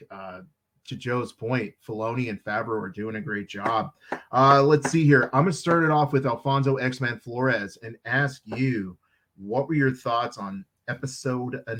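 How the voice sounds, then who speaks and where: A man hosting a podcast, talking in a relaxed, measured way. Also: medium pitch. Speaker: podcast host. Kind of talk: casual chat.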